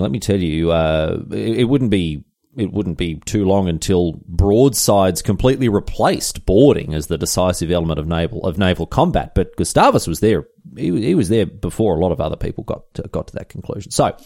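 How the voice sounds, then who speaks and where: A man's voice: lowish voice, dark tone, no echo, studio quality. A man hosting a comedic history podcast, telling the story with chatty, irreverent asides and casual swearing. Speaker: podcast host.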